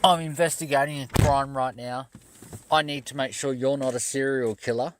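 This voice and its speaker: A man's voice: mid-range voice, steady tone, moderate pace, slight background noise, pitched above the performer's own voice, close to an everyday voice. A man mimicking an aggressive, self-important male ranger cop with a bossy, demanding voice.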